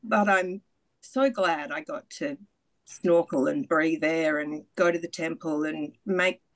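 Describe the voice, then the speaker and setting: A woman's voice: sits low, slow pace, low-quality recording. A middle-aged woman giving a candid, self-mocking spoken testimonial as a retreat participant, laughing often and swearing freely.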